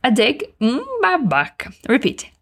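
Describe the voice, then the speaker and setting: A woman teaching English, giving slow, clearly spoken repeat-after-me drills and switching into Portuguese to explain. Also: a little high, wildly swooping pitch, a bit bright. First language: Brazilian Portuguese. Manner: slow, carefully enunciated model sentences.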